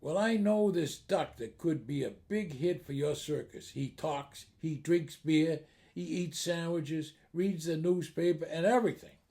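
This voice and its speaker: A man's voice: on the high side, measured pace, vocal fry, mellow. A man voicing a flustered, middle-aged Irish male publican who talks eagerly and sounds surprised.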